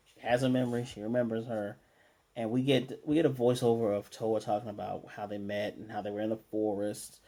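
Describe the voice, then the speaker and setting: Speaking in a lowish, somewhat quick voice with little pitch movement, a mellow, slightly husky man recaps an anime episode casually. As the reviewer talks through it loosely, he paraphrases what the characters say and trips over restarts.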